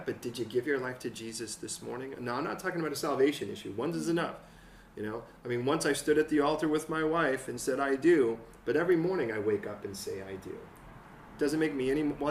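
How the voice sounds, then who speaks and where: Guy preaching a sermon, chatty then fired up, echoey church, mic kinda far off, faint room hum. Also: mid-range voice. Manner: conversational preaching with acted-out quotes and rising excitement. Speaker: pastor. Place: church hall. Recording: roomy church sound from a distant mic.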